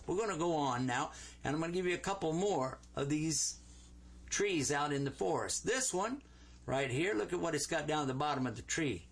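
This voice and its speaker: A man teaching Arabic letters to a class, sounding out each letter slowly and playfully. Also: a little high.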